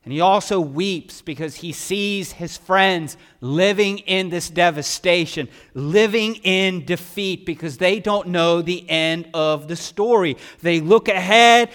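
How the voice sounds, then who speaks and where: A man preaching a sermon, asking rhetorical questions and swinging from loud emphasis to hushed lines. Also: high voice, clean tone. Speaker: pastor. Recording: long hall reverb.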